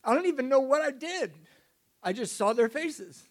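A man's voice: very high voice, expressive, moderate pace. A middle-aged man giving a confessional, emotional, self-mocking personal testimony as a recovery speaker.

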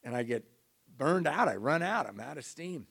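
A man's voice: on the high side, sing-song, normal speed, vocal fry, fairly bright tone, slightly rough. A middle-aged man giving a confessional, emotional, self-mocking personal testimony as a recovery speaker.

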